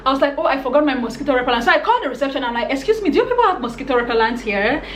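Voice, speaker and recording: High-voiced woman telling a storytime. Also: very fast. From Cameroon. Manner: animated, exasperated storytelling with quoted dialogue. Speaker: vlogger. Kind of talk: storytime vlog, casual retelling. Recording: echoey room with faint noise.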